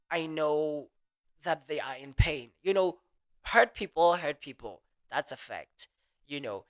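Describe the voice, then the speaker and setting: A speaker hosting a motivational audio talk in a casual, earnest monologue, talking quickly and restarting sentences often. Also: mid-range voice. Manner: quick, animated speech with frequent restarts; earnest and reflective.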